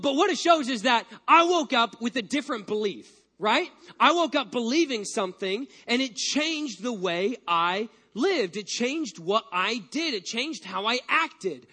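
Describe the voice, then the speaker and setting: A man preaching a sermon as pastor, telling a personal story with lively energy and frequent restarts. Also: extremely high pitch.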